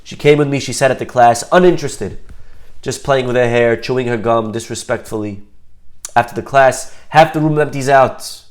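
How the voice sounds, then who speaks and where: A man giving a storytelling talk, lively and acting out the people he describes. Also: medium pitch, normal speed. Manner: animated, acts out the people in his story. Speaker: speaker.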